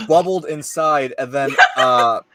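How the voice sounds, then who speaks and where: A man's voice: mid-range voice, measured pace, heavy background noise. A man with a New York accent, telling a story in casual chat, laughing often and full of fillers. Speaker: panelist telling a film-shoot story.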